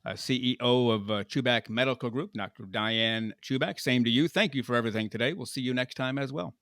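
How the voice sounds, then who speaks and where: Male podcast host and moderator. Upbeat sign-off, mid-pitched voice, dry close recording. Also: brisk, fairly bright tone, no room sound. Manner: upbeat, wrapping up with brief filler "uh"s.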